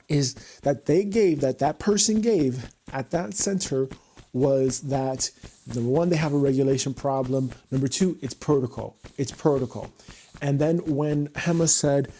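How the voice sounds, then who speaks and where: Man, livestream monologue, husky voice, heated and profane, mid-pitched. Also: a little slow, a little mellow.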